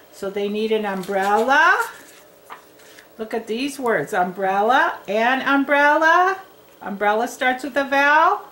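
A woman teaching young children to read, speaking in a clear, sing-song teacher voice. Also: on the high side, fairly bright tone, low-quality recording. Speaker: reading teacher. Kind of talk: children's reading lesson.

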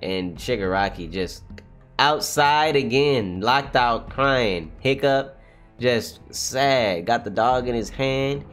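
An excitable young man reacting live, his pitch sitting mid-range for a man. He drops into low mutters, then leaps into high shouted outbursts and swears freely, with faint music under him. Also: takes it slowly. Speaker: streamer reacting to a manga chapter. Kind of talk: live reaction read-along.

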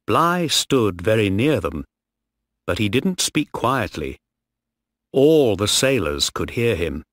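A man reading a story slowly and clearly for English learners. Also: lowish voice, no room sound, clean studio sound. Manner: very slow, clearly phrased, lively intonation. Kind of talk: slow scripted narration for English learners.

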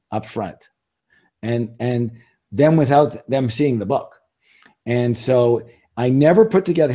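A man's voice: medium pitch, dark tone. A middle-aged man telling stories as an interview guest in a casual, self-assured way, with emphatic repeats. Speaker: interview guest, author and seminar leader.

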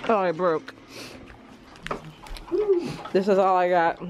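A woman's voice: lowish voice, fairly even intonation, slow pace, muffled recording. A woman vlogger at a family gathering, coaxing her dog in a playful way. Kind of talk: casual home vlog. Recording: noisy room full of family chatter.

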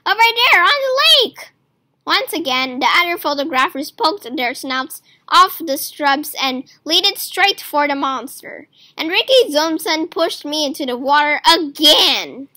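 A woman reading a children's storybook aloud, her voice high and bright. She tells it at a slow, unhurried pace with lively, sing-song swoops in pitch. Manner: expressive storytelling with character voices. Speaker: reader. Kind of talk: children's book read aloud.

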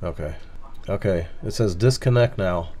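A man baiting a phone scammer, playing a slow, rambling, confused caller. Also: sits low, dark tone. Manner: plays dumb, slow and rambling. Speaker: scam baiter posing as a caller. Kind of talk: prank phone call.

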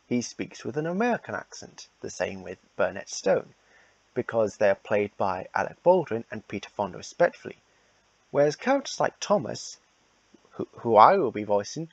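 A man's voice: medium pitch, vocal fry, dry recording, lo-fi sound. A man casually announcing the casting for a fan redub, rambling and repeating himself.

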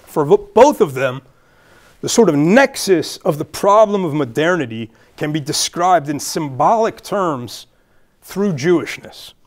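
Man, Brooklyn accent, public lecture, slightly high-pitched, earnest, fillers and restarts. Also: lively intonation, measured pace. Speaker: guest speaker.

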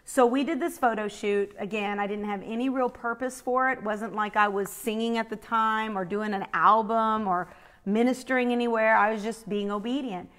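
A woman's voice: fairly high pitch, moderate pace. A middle-aged woman telling a personal faith story, quoting others as she goes. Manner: animated, quotes others in her own voice. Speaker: speaker sharing a faith story.

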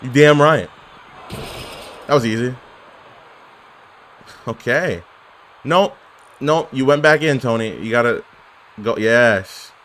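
A man giving casual, excitable commentary while playing a video game, trash-talking and laughing often. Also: mid-range voice, takes it slowly, pauses often, slight background noise. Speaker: gaming commentator.

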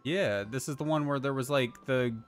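A young male streamer chatting loosely over a game, laid-back and cussing, with a middle-pitched voice. Faint music plays underneath. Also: moderate pace. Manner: laid-back, swearing, laughs often. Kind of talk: casual let's-play commentary.

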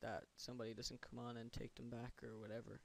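A man's voice: mid-range voice, little pitch movement, fast, vocal fry. Sarcastic man rambling over gameplay. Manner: rambling, sarcastic, chants repetitive words under breath. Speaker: gamer. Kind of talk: casual gameplay commentary.

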